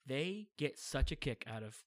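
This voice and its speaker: A young man telling funny family stories in casual chat, animated and often acting out what people said. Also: mid-range voice, normal speed. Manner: animated, acts out quoted voices, laughs often.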